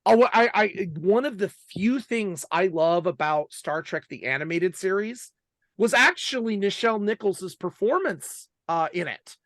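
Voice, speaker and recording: A man co-hosting a podcast, passionate and animated, often stumbling over his words in casual chat. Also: high voice, unhurried, no room sound, clean studio sound. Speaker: podcast co-host.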